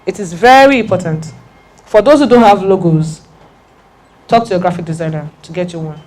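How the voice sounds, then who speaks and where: A woman giving a lively branding talk to an audience, repeating her key points with emphasis. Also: fairly low pitch, brisk.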